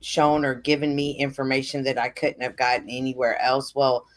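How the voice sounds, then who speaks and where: Woman on a stream telling her faith story, earnest, gets animated. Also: rumbling low, moderate pace, noisy background. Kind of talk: casual conversation about faith. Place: live stream call.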